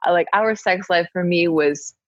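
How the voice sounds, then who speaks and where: Animated woman, dry dull recording. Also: lowish voice, normal speed, dry recording. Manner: animated, laughs often, acts out her own quoted lines. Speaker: podcast conversation partner. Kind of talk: candid conversational storytelling.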